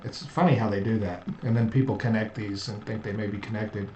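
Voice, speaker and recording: A man's voice: on the low side, fairly even intonation, fairly quick, a little mellow. A man co-hosting a casual talk stream, reading news and riffing in a wry, rambling way. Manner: wry, rambling, laughs at own jokes. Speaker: podcast co-host. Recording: roomy with faint noise.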